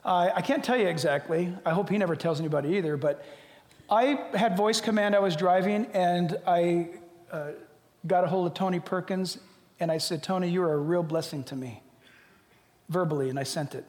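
Older guy preaching, funny and animated, goes quiet out of nowhere, roomy echo. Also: high voice, normal speed. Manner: humorous, animated storytelling with sudden drops to quiet. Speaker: pastor. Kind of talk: sermon. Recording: echoey hall.

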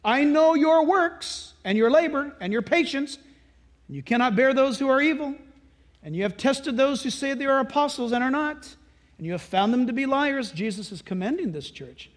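A man preaching a sermon, telling animated stories and acting out the voices of the people in them. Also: extremely high pitch, moderate pace. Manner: animated storytelling, acts out voices and laughs. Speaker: pastor.

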